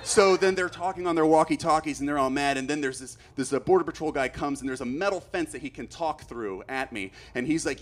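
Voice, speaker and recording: A man telling a long comic story on stage, rambling and growing loud and frantic as he acts out his panic. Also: mid-range voice, fast talker, hardly any pauses. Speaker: stand-up comedian. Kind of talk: stand-up storytelling.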